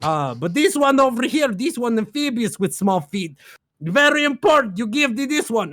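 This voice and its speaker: A man's voice: very high-pitched, sing-song, normal speed, a bit bright, no echo, clean studio sound. A man casually recapping a game plot on a stream, rambling in broken grammar with lots of fillers and laughs.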